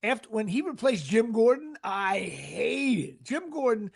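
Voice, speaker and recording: Gravelly high-voiced New man. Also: measured pace, a crowd in the background. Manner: rambling, excitable, stumbles and restarts. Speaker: podcast host. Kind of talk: casual sports chat.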